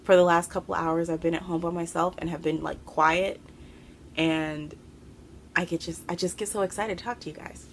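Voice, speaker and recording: A woman hosts her craft podcast from home, talking to the camera in a chatty, excitable way with plenty of fillers. She sounds a little out of breath, and her voice sits fairly low. A faint hum of noise runs behind her. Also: normal speed. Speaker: podcast host. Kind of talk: casual chat to camera. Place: home room.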